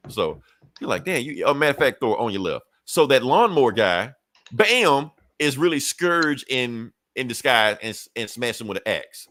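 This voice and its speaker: A man hosting a podcast, recapping a comic in a casual, animated way, swearing freely and briefly acting out characters' lines. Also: medium pitch, moderate pace, no echo. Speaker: podcast host.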